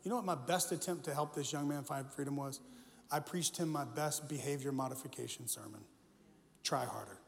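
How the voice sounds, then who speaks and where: A man's voice: on the high side, a little fast, creaky. A man in his forties, a pastor, preaching a story-driven sermon with self-deprecating humor and earnest feeling. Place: church sanctuary. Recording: echoey church hall.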